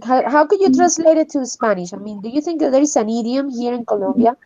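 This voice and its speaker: A woman's voice: sits high, expressive, fast talker, warm tone, dry recording. Woman english teacher, upbeat, laughs a lot, dull dry lo-fi sound. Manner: encouraging, laughs often. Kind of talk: online English class.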